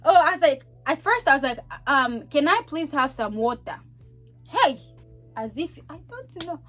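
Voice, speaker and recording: A young woman with a Zambian accent tells stories to camera in a high, bright voice that leaps up and down. She laughs often and slips into quick impressions of other people. Soft music plays faintly behind her. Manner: animated, laughing, acts out voices. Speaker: vlogger. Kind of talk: casual storytelling to camera.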